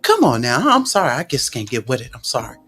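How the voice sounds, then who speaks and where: A woman's voice: rumbling low, fast talker, faint music behind. A woman doing casual livestream commentary, sassy and indignant, answering viewers' comments. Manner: animated, sassy and indignant, talks back to viewers.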